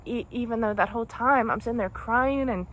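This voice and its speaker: A woman's voice: fairly high pitch, a little fast, a bit bright, a little hiss or hum. Emotional young woman venting a breakup story. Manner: emotional, rambling, says "like" and "dude" a lot. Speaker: vlogger. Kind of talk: casual storytime monologue.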